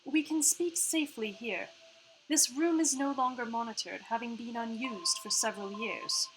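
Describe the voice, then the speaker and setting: Woman voicing a calm AI hologram, part Australian accent. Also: a little high, slight background noise, close to an everyday voice, low-quality recording. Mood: informative. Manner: measured, informative. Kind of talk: reading a visual novel aloud.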